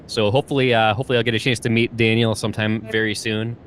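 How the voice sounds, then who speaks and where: A man's voice: on the low side, flat delivery, fast talker, a bit bright, a little hiss or hum. A man from Michigan hosting a podcast, chatting eagerly with his guest and laughing often. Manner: enthusiastic, laughs often, many fillers. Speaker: podcast host. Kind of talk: casual interview chat.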